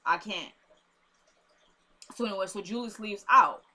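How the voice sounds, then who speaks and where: A young woman chats her way through a TV episode recap, her voice bright and punchy. She talks like a storyteller, slipping into the characters' lines as she goes. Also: mid-range voice, unhurried. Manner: chatty storyteller who acts out the characters' lines. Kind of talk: casual recap chat.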